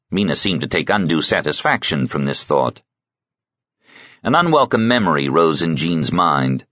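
Man, very low voice, audiobook narration, dry dull lo-fi sound. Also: very animated, normal speed, bright, forceful tone, dry recording. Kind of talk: scripted narration.

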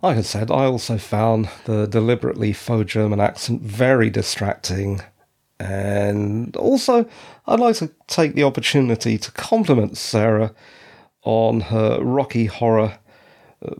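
A man hosting a review show, talking through his opinions in a measured, dryly critical way. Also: on the low side, animated, a little mellow. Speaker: podcast reviewer. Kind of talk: solo review commentary.

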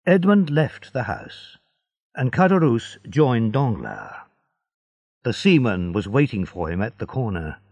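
A man narrating a storybook in a measured, expressive reading. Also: mid-range voice, no echo, muffled recording.

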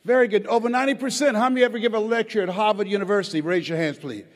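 A man's voice: high-pitched, very fast. A man giving a rousing motivational speech on a stage, urging the audience to respond. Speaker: motivational speaker. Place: stage before a live audience. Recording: long hall reverb.

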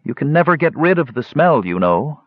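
A man voicing a childlike creature in an audiobook, speaking high and a little sadly. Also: big pitch swings, moderate pace, dry recording, narrow, tinny audio. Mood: wistful. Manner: high, wistful, a little sad. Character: childlike creature voice, sad and wistful.

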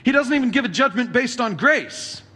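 A man's voice: very high voice, animated, moderate pace, bright, forceful tone. A male pastor preaching a sermon, retelling stories casually and animatedly. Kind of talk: sermon storytelling.

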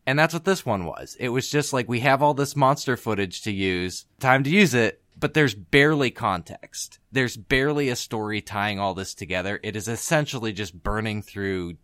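A man's voice: fairly low pitch, moderate pace, few pauses, fairly bright tone, dry recording, studio quality. A man hosting a casual podcast, nasal from a cold, talking in a loose, rambling way with some swearing. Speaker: podcast host.

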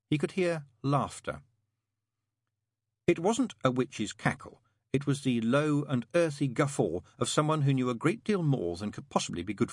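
A middle-aged man reading a story aloud in an expressive, playful storytelling manner. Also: mid-range voice, husky, no room sound, clean studio sound. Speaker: audiobook narrator. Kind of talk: scripted audiobook narration.

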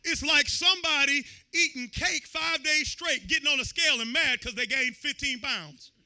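A man preaching a sermon to his congregation in a fervent, repetitive call-and-response style, sometimes rising to shouts and sometimes dropping low and quiet. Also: moderate pace.

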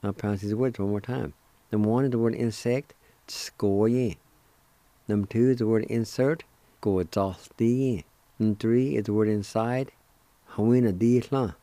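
A man gives a language lesson in a mellow, lowish voice, spelling and sounding out words syllable by syllable. He speaks very slowly and deliberately. The sound is dry and close. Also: fairly even intonation, dry recording. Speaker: radio language teacher.

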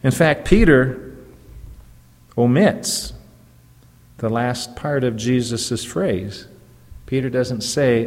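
Slow-preaching pastor in a reverberant hall. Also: male voice, medium pitch, a little mellow. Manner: slow, deliberate preaching with emphatic rises. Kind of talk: sermon. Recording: long reverb of a church hall.

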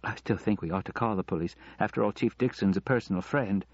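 A man voicing a calm, firm middle-aged wife, raising his pitch, in a dull lo-fi audiobook recording. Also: fast talker, dry recording.

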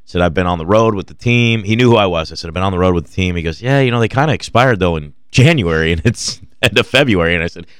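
Deep-voiced man telling a rambling story. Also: fast, hardly any pauses, clear, resonant tone, no room sound, clean studio sound. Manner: rambling, laughing anecdotes with quoted dialogue. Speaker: radio show co-host. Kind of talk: casual storytelling chat.

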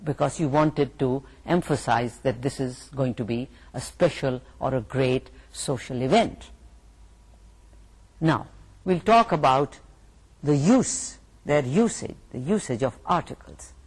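A middle-aged woman with a Pakistani English accent giving a university English lecture, slow and deliberate, repeating and rephrasing her points. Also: very deep voice, darkish tone, husky. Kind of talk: recorded lecture.

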